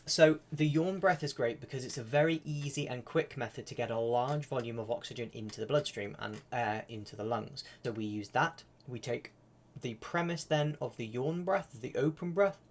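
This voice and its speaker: A man's voice: mid-range voice, moderate pace. A man giving a casual live-streamed flute lesson, chatty and full of fillers. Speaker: flute teacher.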